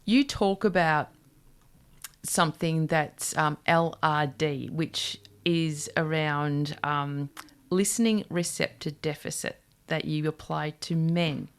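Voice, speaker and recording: A woman's voice: low voice, slow pace, clear, resonant tone. A woman hosting an interview, asking pointed follow-up questions. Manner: engaged, pushes back with questions. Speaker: interview host. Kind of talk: casual interview.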